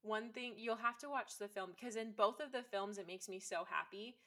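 A woman's voice: mid-range voice, normal speed, bright, forceful tone. A woman chatting casually and enthusiastically, with lots of fillers. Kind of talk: casual chat.

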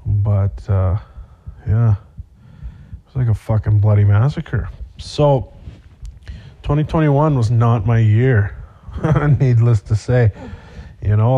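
A mid-range male voice on lo-fi audio belongs to a young podcast host. He rambles through a crude personal story, leaning heavily on filler words in a laid-back storytelling monologue.

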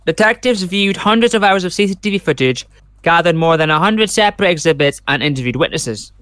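A man's voice: sits high, animated, fairly quick, a bit bright, smooth, no room sound, clean studio sound. A man hosting a casual true crime podcast, reading case details aloud and rambling into side comments. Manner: rambling, reads case notes aloud with chatty asides. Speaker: podcast host.

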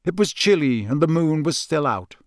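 Man reading a story, slightly high voice. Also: no echo, studio quality. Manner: measured, expressive storytelling. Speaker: audiobook narrator. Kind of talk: scripted narration.

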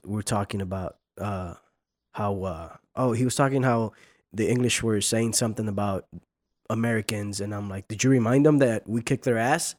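A man co-hosting a podcast, telling stories in a casual, animated, profane way. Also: lowish voice, dry recording, studio quality. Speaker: podcast co-host. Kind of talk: casual chat.

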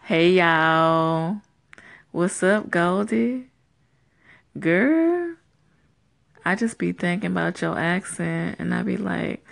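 A woman and fellow podcaster leaving a bubbly, slangy, animated voice message. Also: lowish voice, slow pace, vocal fry, pauses often. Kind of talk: casual voice message.

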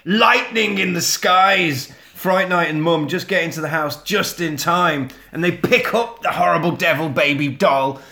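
A man retelling a film plot in casual, animated, sweary storytelling. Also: a little high, moderate pace, hardly any pauses, roomy sound.

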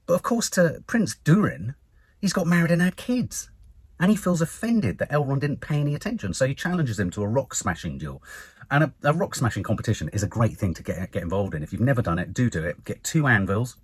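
A man with a husky, slightly rough voice reviews a TV episode in a loose, rambling way. His pitch swings widely as he gushes, swears freely and restarts his sentences. The recording is dry, with no room sound. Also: very animated, brisk, dry recording. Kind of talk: casual spoken review.

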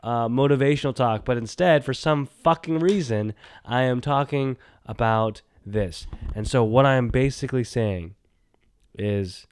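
A man hosting a solo podcast, rambling and animated, talking to himself and swinging from loud bursts to quiet mumbles. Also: mid-range voice, unhurried, clear, resonant tone, no room sound. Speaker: podcast host.

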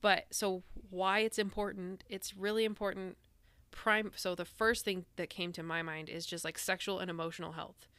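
A young woman co-hosts a casual podcast, talking in a rambling way full of "like"s and restarts. Her voice sits a bit low but comes across bright and forceful. The sound is dry and close to the mic. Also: flat delivery, normal speed, few pauses, dry recording. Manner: chatty, rambling with many "like"s and restarts. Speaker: podcast co-host. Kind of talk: casual chat.

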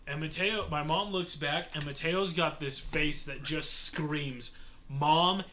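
A young man with a bright, slightly high voice tells a story to a group of friends. He is animated and swears freely, and he drops lower to mimic the people in the story. Faint noise sits under the recording. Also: takes it slowly. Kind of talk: casual storytelling.

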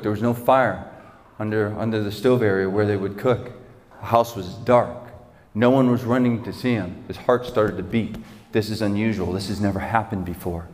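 A man's voice: on the low side, a little mellow. A man preaching as a pastor in a church, retelling a story dramatically and vividly with repeated phrases. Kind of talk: sermon storytelling. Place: church sanctuary. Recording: long church hall reverb.

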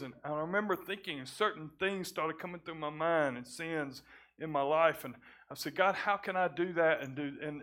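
A male pastor giving a sermon testimony, moving from hushed, halting confession with repeated restarts to loud, fervent preaching. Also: fairly high pitch. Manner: halting restarts when emotional.

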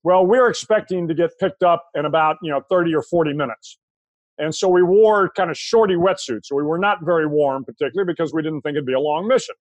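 An older American man, a guest in an interview, telling a long anecdote in a relaxed, conversational way with frequent restarts. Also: on the high side, fast talker, no echo, highs cut off. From United States. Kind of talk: storytelling anecdote.

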